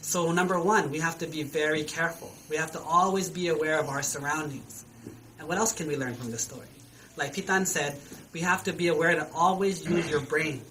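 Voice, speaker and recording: A man's voice: a little high, brisk, a little hiss or hum, rough recording. A man, a Buddhist monk, telling a story to children as a sermon and quizzing his listeners with questions. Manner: asks the listeners questions, animated.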